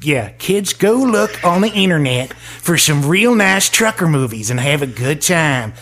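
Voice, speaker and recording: A man's voice: fairly high pitch, big pitch swings, measured pace, fairly bright tone. A man in his forties chatting as an interview guest, rambling and self-mocking, laughing often. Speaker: guest, audio drama maker. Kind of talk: casual interview chat.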